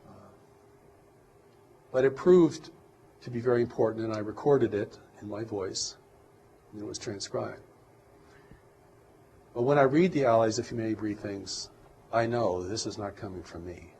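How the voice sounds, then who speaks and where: A man giving an interview as a guest, talking in a calm, reflective and earnest way. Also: lowish voice, moderate pace, pauses often, a little hiss or hum, rough recording. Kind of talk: interview talk.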